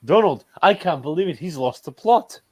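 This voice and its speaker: A man's voice: a little high, expressive, normal speed, darkish tone, breathy edge, voice pushed up. A man doing a put-on British accent, playing a cheeky, cursing bloke on a casual livestream. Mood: teasing. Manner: teasing, repeats catchphrases. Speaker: co-host.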